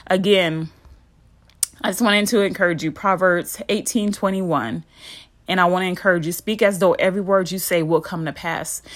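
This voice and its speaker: Woman in her thirties, mid-pitched, talking through an earnest, encouraging devotional in a casual podcast voice, with a repetitive preaching rhythm. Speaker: podcast host giving a devotional message. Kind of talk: informal devotional talk.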